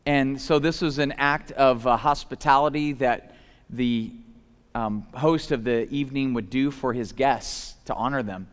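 A man preaching a casual, animated sermon, swinging from loud emphatic shouts to soft low asides, with lots of conversational fillers. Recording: long hall reverb.

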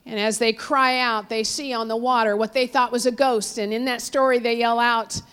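A woman preaching a sermon, telling a story with sudden swings between raised cries and hushed, low passages. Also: fairly even intonation, normal speed, clear, resonant tone. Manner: storytelling, dramatic swings from loud cries to hushed near-whispers; quotes figures in raised voices, drops low and soft on God.

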